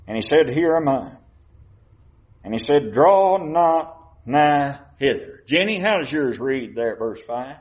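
A man preaching a sermon, reading scripture slowly and putting questions to the congregation. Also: medium pitch, expressive. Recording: muffled church recording.

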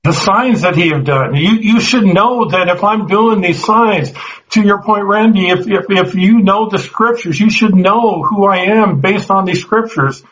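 A man's voice: sits high, unhurried, a bit bright, highs cut off. A man teaching a Bible class, earnest, often restarting his words and putting questions to the group.

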